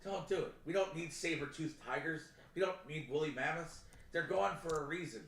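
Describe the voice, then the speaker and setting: A man co-hosting a podcast, talking in a slightly high voice. He rants with heavy swearing and gets loud and animated. His voice rings around an echoey studio room. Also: fairly quick, creaky. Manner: profane, ranting, animated. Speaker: podcast co-host. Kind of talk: casual chat.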